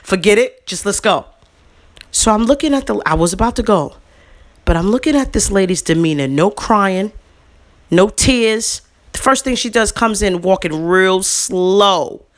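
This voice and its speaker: A woman in her thirties or forties, a vlogger telling a personal story in a heated, casual monologue. She is indignant and animated, with fillers and slang. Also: measured pace. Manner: indignant, animated, swings up in pitch for emphasis.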